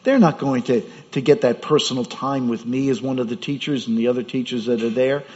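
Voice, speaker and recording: A man's voice: mid-range voice, fairly even intonation, fairly quick, a little mellow. A man preaching a sermon as pastor, in a conversational way with rhetorical questions. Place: church. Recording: dull sound with hall reverb.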